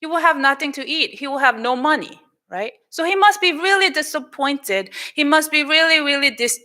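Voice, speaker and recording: Animated Korean-accented woman preaching to children. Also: high-pitched, moderate pace. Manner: animated, acts out quoted lines; switches between English and Korean. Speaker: pastor. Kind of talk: children's sermon. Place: church sanctuary.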